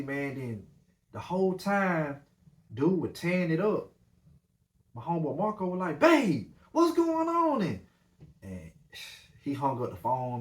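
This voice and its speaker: Rambling man telling a story. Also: fairly high pitch. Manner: animated, rambling with many fillers. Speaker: podcast host. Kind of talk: casual storytelling. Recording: roomy echo.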